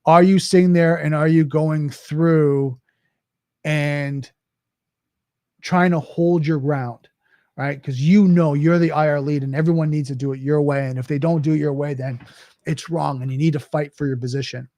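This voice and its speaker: A man hosts a podcast in a loose, conversational monologue, often circling back with "right?". His voice sits a bit high for a man, with a mellow, relaxed tone. The recording is dry and close. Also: normal speed, dry recording. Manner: conversational, with frequent restarts and "right?" asides. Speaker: podcast host. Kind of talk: casual monologue.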